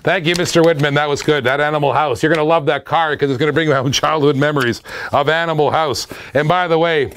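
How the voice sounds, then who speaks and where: A man hosting a live-stream auction, excitable and laughing often, repeating his phrases. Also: a little high, fast, clear, resonant tone.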